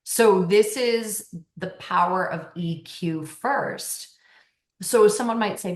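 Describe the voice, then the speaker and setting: A woman's voice: mid-range voice, slow. A woman talking as a podcast guest, giving emphatic coaching advice and laughing often. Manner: animated and emphatic, laughs often, acts out quoted voices. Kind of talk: casual interview talk, coaching advice. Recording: roomy echo.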